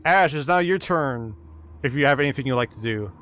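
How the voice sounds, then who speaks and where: A man narrating a tabletop game as dungeon master, in a measured descriptive way. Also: medium pitch, expressive, a bit bright.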